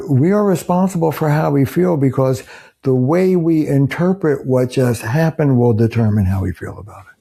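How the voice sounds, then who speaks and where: Older guy therapist, gravelly husky voice, earnest and emphatic. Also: medium pitch, warm tone. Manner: earnest, emphatic, acts out example quotes. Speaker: couples therapist. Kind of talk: explanatory monologue to camera.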